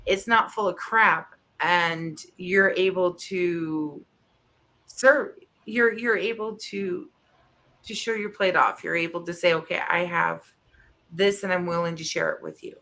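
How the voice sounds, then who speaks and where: A woman in her thirties co-hosting a chat show, talking openly and emotionally with halting restarts. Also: lowish voice, fairly even intonation, bright, forceful tone. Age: 30s. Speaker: co-host. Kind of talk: candid personal chat.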